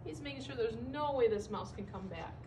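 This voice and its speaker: A woman teacher reading a picture book aloud to children, expressive and stopping to comment on the pictures. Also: a little high, far from the mic, a little hiss or hum, low-quality recording. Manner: expressive, pausing to comment for young listeners.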